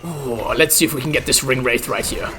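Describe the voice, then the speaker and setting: A man's voice: medium pitch, brisk, sharp tone, faint music behind, close to an everyday voice. A man voicing a polite, flustered old wizard while streaming a game, stammering and speaking in formal old-fashioned phrases.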